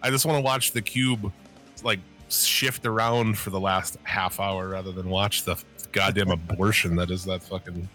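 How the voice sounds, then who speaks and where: A man's voice: low-pitched, fairly even intonation, normal speed, sharp tone, soft background music. A young man co-hosting a casual podcast, talking loosely about horror shorts, laughing and swearing often. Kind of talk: casual profane chat.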